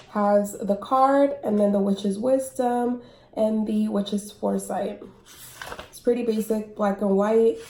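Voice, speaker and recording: Woman vlogger, casual and halting, breathless, mellow low tone, roomy sound. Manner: chatty, halting with many fillers. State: a little out of breath. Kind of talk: casual oracle card reading vlog.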